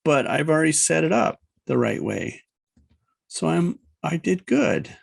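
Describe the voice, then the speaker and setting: Casual instructor: a man with a gravelly, husky voice, chatty and rambling, teaching a software demo. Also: a little high, very animated, a little slow, no echo, low-quality recording. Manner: rambling, chatty, thinks aloud with laughs and sound effects. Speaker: animation instructor. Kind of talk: casual screen-recorded class demo.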